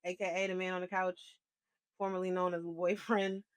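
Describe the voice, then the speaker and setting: A woman's voice: lowish voice, level tone, a little fast. A woman co-hosting a podcast, introducing guests and chatting in an upbeat, welcoming way. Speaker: podcast co-host. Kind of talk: casual chat.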